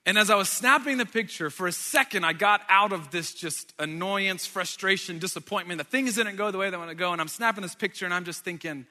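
A man in his thirties, a pastor, telling a personal story in a sermon with animated delivery and loud exasperated outbursts. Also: sits high, fairly quick, few pauses. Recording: reverberant hall sound.

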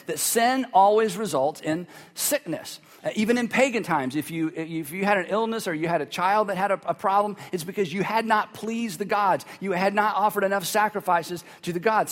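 A man's voice: high voice, big-room sound. A man preaching a sermon, telling the story with animation, repeating key phrases and acting out the voices of the people in it. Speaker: pastor.

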